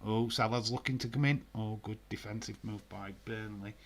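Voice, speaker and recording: A man's voice: fairly low pitch, steady tone, normal speed, gravelly. A man with a Yorkshire accent hosting a live stream, chatting in a jokey, laid-back way, with frequent fillers and swearing. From Yorkshire, northern England. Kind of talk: casual live stream chat.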